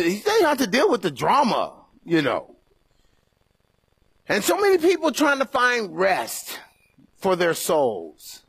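Animated husky-voiced male preacher. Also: no room sound. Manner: animated, acts out pleading voices with sudden high squeals. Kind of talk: evening sermon.

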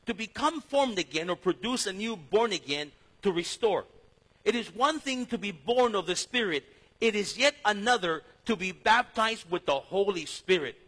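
A male pastor from East Los Angeles preaches with a husky, high-pitched voice. He tells his story in a sermon that swings between loud and hushed. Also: lively intonation, moderate pace, poor audio.

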